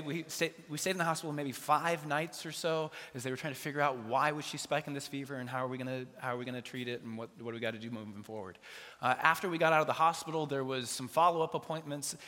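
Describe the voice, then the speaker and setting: A man in his thirties preaching in a large church sanctuary, his bright voice sitting a little high. He tells stories with playful asides and acts out bits of dialogue. A long reverb trails behind his words. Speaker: pastor. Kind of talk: sermon.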